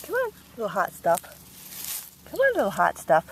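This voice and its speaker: A woman's voice: mid-range voice, wildly swooping pitch, normal speed, pauses often, a little hiss or hum. A woman outdoors among weeds, recorded on a handheld camcorder, playfully coaxing a small animal along as if it were a child. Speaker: person releasing a baby skunk outdoors. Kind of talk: casual talk to an animal. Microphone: handheld pocket camcorder.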